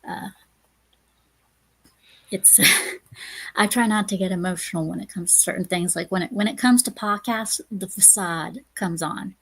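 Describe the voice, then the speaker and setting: A woman with a creaky, husky voice speaks as a guest on a casual podcast. She talks haltingly and keeps restarting her sentences as she searches for words. Her pitch sits in an ordinary middle range. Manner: halting, hesitant, many restarts. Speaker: guest streamer.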